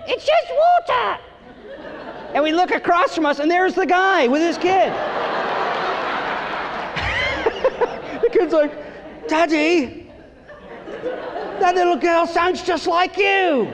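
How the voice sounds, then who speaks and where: A middle-aged man from Long Island, New York, does stand-up on a theater stage, spinning family stories and acting out voices with lively energy. His voice is extremely high-pitched, with a long reverb tail and a little hiss or hum in the recording.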